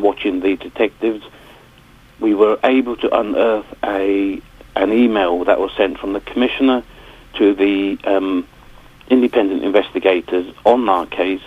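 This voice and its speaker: A man who campaigns for his family, speaking haltingly in a radio interview, with many fillers and restarts. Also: fairly low pitch, slightly rough. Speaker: campaigner and bereaved family member. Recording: tinny phone line.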